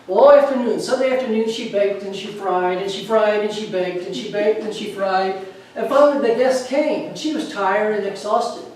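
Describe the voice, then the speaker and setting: Lively woman telling jokes in an echoey room. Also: medium pitch, moderate pace. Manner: lively, chuckles at her own punchlines. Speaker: storyteller. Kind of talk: telling humorous stories. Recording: echoey room from far off, faint noise.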